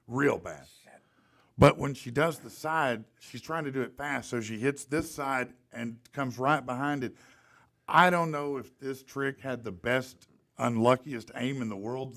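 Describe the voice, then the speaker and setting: A man tells a story in a relaxed, animated, drawling way. His voice sits at an everyday middle pitch. He talks the way a podcast host does, chatty and sure of himself. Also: unhurried. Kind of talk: casual storytelling and live ad read.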